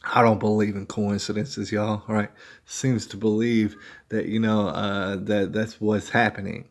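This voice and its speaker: Low-voiced man rambling on a livestream. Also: little pitch movement, measured pace. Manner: rambling, conversational, addresses viewers as y'all. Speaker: livestream host. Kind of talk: casual rambling livestream commentary.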